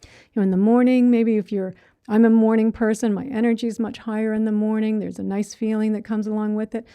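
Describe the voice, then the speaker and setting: A woman's voice: on the high side, flat delivery, fast talker, warm tone, smooth, no room sound. A middle-aged woman teaching meditation in a conversational way, often acting out inner thoughts in quotes and checking in with "right?". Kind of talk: dharma talk.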